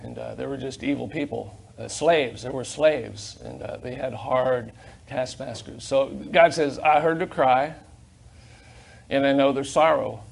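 An older man preaching a sermon as pastor in a church, fervent, swinging between loud emphasis and quiet asides, on a corded mic. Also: mid-range voice, a little slow, vocal fry, slightly rough. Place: church sanctuary.

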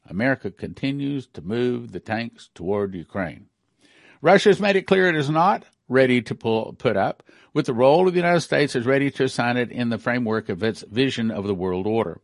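A man's voice: mid-range voice, vocal fry, no room sound, studio quality. A middle-aged man giving emphatic news commentary with a prophetic bent, repeating and rereading his points.

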